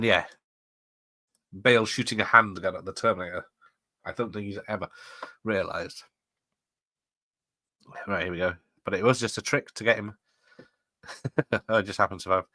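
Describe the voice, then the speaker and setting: A man's voice: lowish voice, normal speed, pauses often, bright, forceful tone, no echo. A middle-aged man hosting a watch party, chatting casually, laughing often and wandering into asides while he reads the chat. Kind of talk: casual live commentary reading chat.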